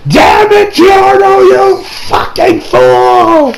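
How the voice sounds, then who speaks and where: A man voicing a furious, taunting male villain from a mirror world, shouting insults. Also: high voice, big pitch swings, normal speed, vocal fry, background noise, heavily acted.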